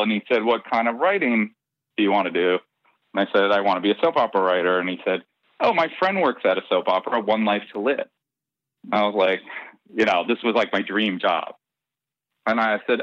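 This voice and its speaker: A soap opera head writer tells lively stories in a casual interview, acting out the dialogue as he goes. His lowish voice moves fairly quickly with no echo, over dull, dry lo-fi podcast audio.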